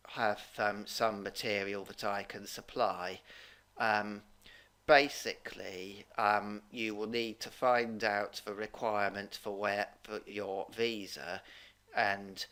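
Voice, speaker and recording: Low, measured male English teacher. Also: bright, forceful tone. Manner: measured, explanatory, formal. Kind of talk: online Q&A session.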